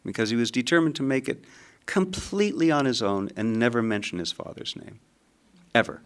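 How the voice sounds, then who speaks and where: An older man telling a personal story, animated and acting out his own rising anger. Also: medium pitch, a little fast, clear, resonant tone. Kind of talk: storytelling talk.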